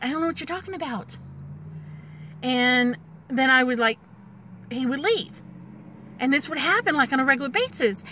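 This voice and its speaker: Woman, 40s, vlogger; candid rambling storyteller, fairly high voice, faint background noise. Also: bright, forceful tone. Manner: candid and rambling, with many fillers and restarts. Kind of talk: personal storytelling vlog.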